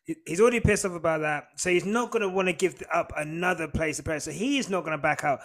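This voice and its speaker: A man co-hosting a casual podcast with a slightly raised pitch. He talks in animated bursts and laughs easily between thoughts. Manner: animated, laughs often, fast asides. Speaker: podcast co-host. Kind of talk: casual chat.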